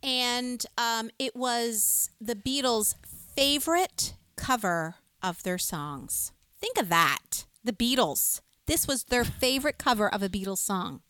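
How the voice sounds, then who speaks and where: A woman's voice: a little high, expressive, takes it slowly, bright, forceful tone, no echo. A woman co-hosting a live music stream, chatting with enthusiasm and reading viewer comments aloud. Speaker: co-host of a music livestream. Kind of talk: casual live-stream chat.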